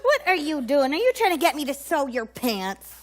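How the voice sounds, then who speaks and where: A woman playing an exasperated, nagging pioneer wife in an improvised comedic role-play over a game, with a sharp, scolding drawl. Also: high-pitched, sing-song, normal speed. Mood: indignant.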